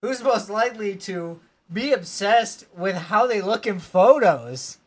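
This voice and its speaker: Woman podcast co-host, animated, playful and defensive, casual banter. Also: medium pitch, unhurried, breathy edge. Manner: playful, defensive, laughs while talking. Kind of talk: casual chat.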